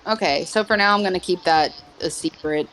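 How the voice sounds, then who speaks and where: A woman's voice: on the low side, brisk, a bit bright, soft background music, poor audio. A woman playing a tabletop role-playing game, speaking hesitantly and earnestly, often narrating her character. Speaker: player. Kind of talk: casual tabletop role-play.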